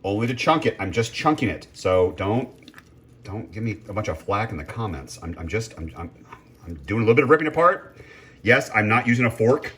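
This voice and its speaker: A man's voice: on the low side, sing-song, brisk, a bit bright. A man casually chatting as he cooks at home, rambling, interrupting himself and filling gaps with ums and uhs. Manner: rambling, self-interrupting, chatty with frequent fillers. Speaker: home cooking vlogger. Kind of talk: casual cooking commentary.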